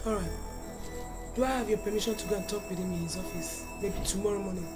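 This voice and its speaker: A woman playing a calm, reassuring Nigerian friend. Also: mid-range voice, normal speed, loud music behind the voice, natural voice. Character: calm, reassuring female confidante.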